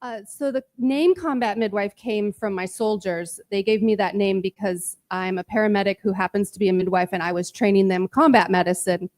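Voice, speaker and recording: A woman's voice: mid-range voice, brisk, hardly any pauses, a little mellow, no echo. A woman, a paramedic and midwife instructor, giving direct, earnest answers in an onstage interview on a handheld mic. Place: festival stage. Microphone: handheld microphone.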